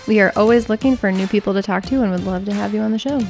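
A woman's voice: medium pitch, racing, creaky, darkish tone, soft background music. A woman co-hosting a local food podcast, thanking a guest and reading the sign-off. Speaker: podcast co-host. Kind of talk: podcast interview and outro.

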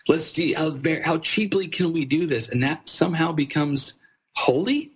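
Husky, earnest male storyteller. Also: fairly high pitch, normal speed. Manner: earnest, animated storyteller with frequent restarts. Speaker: ministry fundraising trainer, guest. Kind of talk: conversational storytelling interview.

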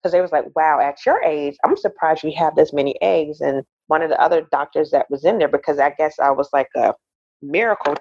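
A woman in her forties, a podcast guest, telling a personal story in a lively way and acting out the voices of the people in it. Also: sits low, brisk, husky, dry recording, muffled recording. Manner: animated storyteller, acts out quoted voices, laughs often. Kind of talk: casual interview storytelling.

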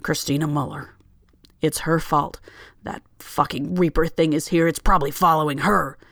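A reader doing a loud, angry drunk. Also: mid-range voice, little pitch movement, measured pace, dry recording, studio quality. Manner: loud, ranting, accusing. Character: angry drunk male airline passenger.

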